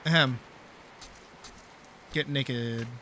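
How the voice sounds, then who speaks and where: A man chats casually while streaming a game, playful and rambling, with occasional swearing. His mid-range voice is bright and forceful, with drawn-out words, and there's slight background noise.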